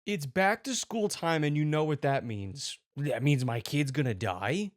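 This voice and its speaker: A man's voice: fairly high pitch, animated, a little slow, few pauses, dry recording, studio quality. A man hosting a ranting commentary show, talking in an exasperated, profane and sarcastic way. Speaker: host.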